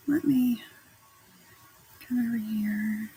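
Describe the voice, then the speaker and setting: A woman's voice: mid-range voice, lively intonation, takes it slowly, fairly bright tone, slightly rough. A woman hosting a livestream, chatting casually and repeating herself as she talks straight to her viewers, still getting over being sick. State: recovering from sickness. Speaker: livestream host. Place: home.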